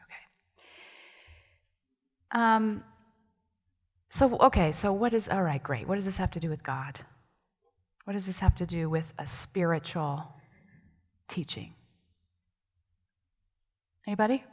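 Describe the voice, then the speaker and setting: A woman's voice: lowish voice, a little slow, pauses often. A woman associate minister giving a conversational sermon, chatty and asking the congregation questions. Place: church sanctuary. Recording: long hall reverb in a sanctuary.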